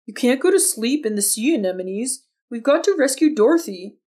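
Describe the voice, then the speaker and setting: A woman voicing a bold, clever teenage boy in an audiobook story, speaking in a calm, self-assured and cutting way, with a gravelly edge to her voice. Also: mid-range voice, moderate pace. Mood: defiant.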